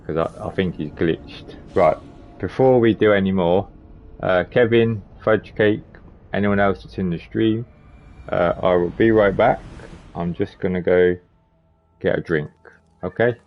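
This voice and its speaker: A man's voice: low-pitched, measured pace. A man streaming a video game live, rambling casually and chatting to his viewers by name. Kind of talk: casual live gameplay commentary. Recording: slightly muffled lo-fi stream audio.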